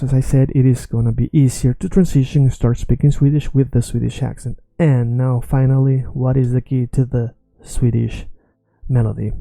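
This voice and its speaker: A man's voice: mid-range voice, normal speed, creaky, no room sound, faint music behind. A man who is not a native English speaker, confidently explaining a language lesson online. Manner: confident, self-assured, animated explanations. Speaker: language teacher.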